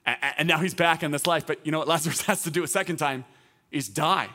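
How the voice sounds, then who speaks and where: A male teaching pastor preaching a sermon in a conversational, emphatic way that climbs to loud proclamations. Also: fairly high pitch, fast.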